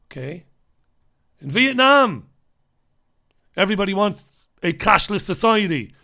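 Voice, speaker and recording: A man reviews the morning papers in a sardonic running commentary. His voice sits a little high for a man. He punches some words loudly and drops others to a mutter, often answering his own remarks. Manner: sardonic, talks back to himself; swings between loud emphasis and muttered asides. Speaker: host reviewing newspapers. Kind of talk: live newspaper review talk.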